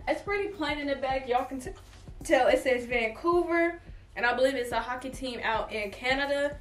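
Chatty high-voiced young woman vlogger. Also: moderate pace, distant mic. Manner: chatty, animated, addresses viewers as y'all. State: has hiccups. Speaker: fashion vlogger. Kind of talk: casual try-on haul chat. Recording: echoey room, voice away from the mic, faint music.

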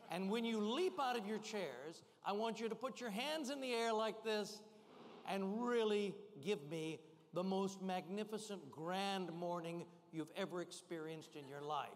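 Energetic older man rousing a hall. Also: sits high, a little slow, a little hiss or hum. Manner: energetic, rousing the crowd with call-and-response shouts. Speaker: guest speaker. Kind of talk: motivational keynote to a live audience. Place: large event hall. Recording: long hall reverb.

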